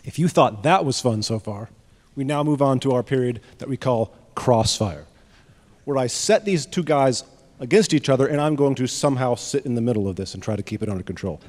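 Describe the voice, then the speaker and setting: Male moderator, mid pitch, easygoing announcer, reverberant hall. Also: expressive, a little fast, darkish tone. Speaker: debate moderator. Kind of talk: moderating a live debate. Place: university lecture hall.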